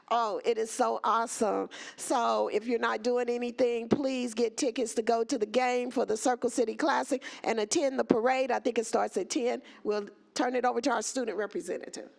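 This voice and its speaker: Woman, slightly high voice, gravelly fry, gushing, exclamatory, board meeting. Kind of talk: meeting remarks. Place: school board meeting room.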